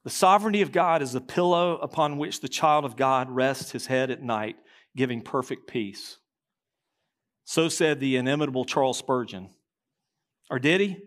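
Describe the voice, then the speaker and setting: A man preaching a sermon as pastor, reading quotations aloud, slowing and dropping low at key lines. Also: a bit bright.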